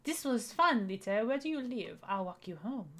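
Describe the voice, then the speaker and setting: A woman voicing a courtly male pigeon gentleman in a deliberately bad, exaggerated French accent. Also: a little high, very animated. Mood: flirtatious. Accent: fake French.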